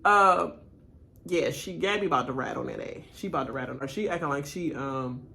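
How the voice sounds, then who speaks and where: A woman's voice: sits low, a little fast, gravelly, a little hiss or hum. Woman ranting and laughing through a reaction. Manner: animated, laughs often, blunt trash talk. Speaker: reaction channel host. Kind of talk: casual reaction commentary.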